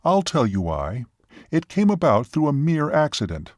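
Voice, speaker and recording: A man's voice: a little high, wildly swooping pitch, normal speed, no room sound, clean studio sound, pitched above the performer's own voice. A man voicing a young waitress who tells her tale in an earnest, playful way, within a story reading. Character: young woman, a lively, witty waitress.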